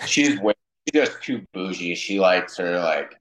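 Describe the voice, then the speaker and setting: A man with a deep, low voice tells stories in a loose, conversational way, acting out each quoted line. He is a podcast guest from Wisconsin. His voice carries a noticeable roomy echo. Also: unhurried. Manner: animated, acts out quoted dialogue. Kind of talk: casual storytelling in conversation.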